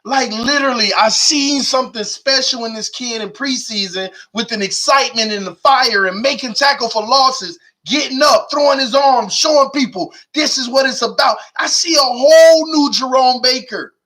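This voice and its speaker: Young male live-stream sports host, high bright voice, slangy and animated. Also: moderate pace, few pauses. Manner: animated, slangy, reads chat aloud, urges viewers.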